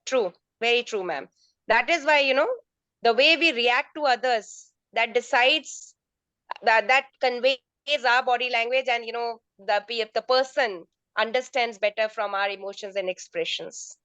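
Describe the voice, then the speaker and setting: A woman with a higher, slightly bright voice speaks at a moderate pace over a video call, with no echo but a muffled recording. As a resource person and teacher trainer in an online session, she answers teachers' questions step by step, often restarting her phrases.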